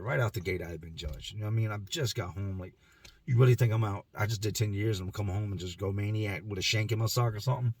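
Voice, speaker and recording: Candid low-voiced man telling his story. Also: fast, darkish tone, dry recording. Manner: candid and emotional, with casual slang and repeated words. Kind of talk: personal storytelling to camera.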